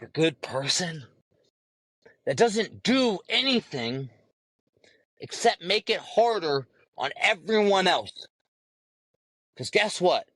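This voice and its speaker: A man ranting on his podcast, swearing freely and lecturing with rising heat. His voice sits a little high for a man. The sound is dry and close, with no room echo. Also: fairly bright tone. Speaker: podcast host. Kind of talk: profane ranting monologue.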